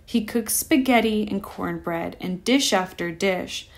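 A woman reading a rhyming children's picture book aloud with a lively, rhythmic delivery. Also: mid-range voice, unhurried. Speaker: storyteller.

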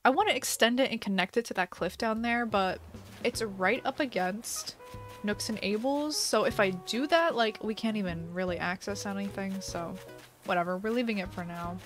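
A woman's voice: mid-range voice, normal speed, faint music behind. A young woman hosting a casual live stream while playing a game, giggly and chatty, reading chat aloud. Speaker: livestream host.

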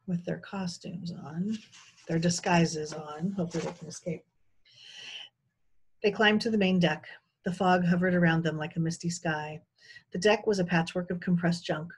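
A woman teacher reads a children's chapter book aloud with calm, measured pacing. Her voice is slightly husky and sits a bit low. She narrates steadily between the characters' lines.

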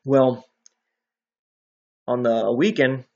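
A man talks through a Bible passage in a loose, conversational way, now and then checking in with his listener. His voice sits at an ordinary middle pitch. The recording sounds a little dull and lo-fi. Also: drawn-out words, creaky, mellow. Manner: conversational, often ends with "right?". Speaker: bible teacher. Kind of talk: casual bible teaching.

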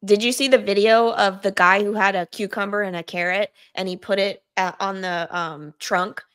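A woman's voice: medium pitch, fairly even intonation, normal speed, a bit bright, clear, resonant tone. A woman co-hosting a casual money talk show, chatty and anecdotal, with lots of fillers. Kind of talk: casual chat.

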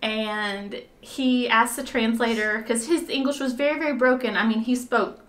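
A woman's voice: a little high, fairly even intonation, moderate pace, fairly bright tone. A woman volunteer telling a story in conversation, rambling with fillers and restarts and often breaking into laughter.

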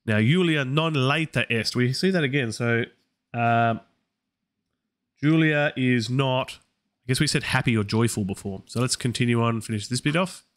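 He talks at normal speed in a medium pitch, a man running a live Latin study stream. He reasons through translations aloud, constantly questioning his own choices.

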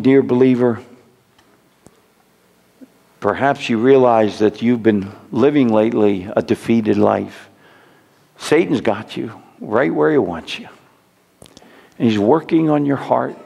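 A man's voice: mid-range voice, unhurried, gravelly, long pauses, a little mellow, husky, big-room sound. A man preaching a sermon as pastor, earnest and pleading, often repeating words as he urges his listeners on. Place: church sanctuary.

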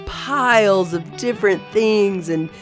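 A woman hosting a podcast, giving a conversational devotional Bible teaching and reading scripture aloud with lively energy. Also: medium pitch, slow, over music.

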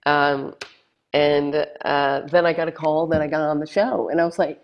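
A woman's voice: low voice, moderate pace. A middle-aged woman from Texas, a guest telling stories in a casual interview and acting out the voices of the people she quotes. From Texas, USA. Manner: animated, acts out quoted voices. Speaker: guest, former reality show contestant.

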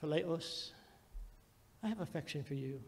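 A man preaching a sermon as pastor, telling the story dramatically and swinging between loud and hushed passages. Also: fairly high pitch, lively intonation, measured pace, creaky, long reverb tail.

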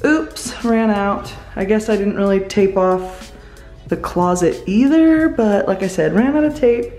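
A woman's voice: mid-range voice, a little slow, warm tone, faint music behind. A young woman vlogging a home room makeover, chatting and explaining as she works indoors. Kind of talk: casual vlog narration. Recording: echoey bare room.

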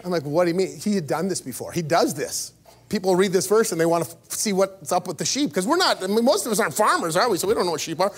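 Male pastor, high voice, storytelling sermon, voice leaps up when excited. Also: fast talker, slightly rough. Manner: storytelling with sudden pitch jumps and laughs. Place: church.

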